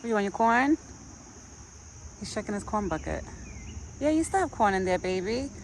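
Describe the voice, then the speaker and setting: A gentle vlogger, recorded outdoors in a rural yard with crickets chirping and a faint hiss behind the voice. The delivery slides between lifted, sing-song baby talk aimed at an animal and easy, unhurried commentary for the viewer. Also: mid-range voice. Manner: relaxed, chatty asides to the viewer. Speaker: vlogger feeding a wild deer. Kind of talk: casual vlog narration mixed with talk to an animal. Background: crickets and faint outdoor ambience.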